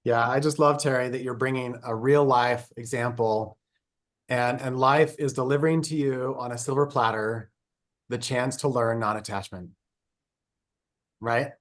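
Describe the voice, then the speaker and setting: A man coaching on a live group call, reflective and steady, checking in with "right?" as he goes. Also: medium pitch, measured pace. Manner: reflective, tags points with "right?". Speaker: success coach.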